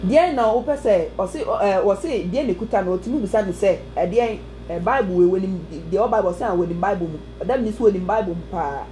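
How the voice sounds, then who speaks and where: A woman preaching an animated sermon, telling a testimony with sudden exclamations and snatches of song. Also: medium pitch, fast, hardly any pauses, a little hiss or hum, rough recording. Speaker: prophetess preacher. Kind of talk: sermon testimony mixing Twi and English.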